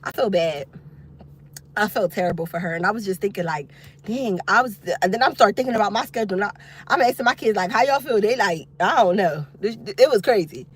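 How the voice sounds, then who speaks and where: A woman vlogger chatting casually with her viewers from outside a youth football practice. She is expressive and loose, with frequent laughter. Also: medium pitch, quick pace, slightly rough. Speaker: single mom vlogger talking to viewers. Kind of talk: casual chat.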